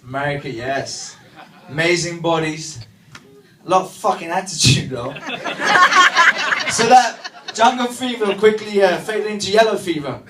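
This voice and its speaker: A man from Sweden, doing a stand-up comedy set with deadpan asides and quick punchlines. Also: high-pitched, recorded from a distance, background noise. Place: comedy club stage. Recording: echoey club mic from afar, crowd laughter. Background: audience laughter.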